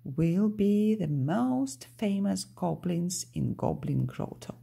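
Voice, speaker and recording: Bratty boastful goblin guys, woman reader putting them on, high-ish and raspy. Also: lively intonation, slow pace, warm tone, full character voice. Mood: defiant. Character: greedy, defiant little male goblins.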